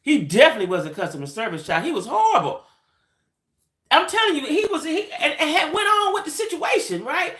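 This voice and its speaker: Animated woman chatting in an echoey room. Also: high voice, brisk. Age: adult. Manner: animated, chatty, talks straight to viewers. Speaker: livestream host. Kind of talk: casual storytelling chat.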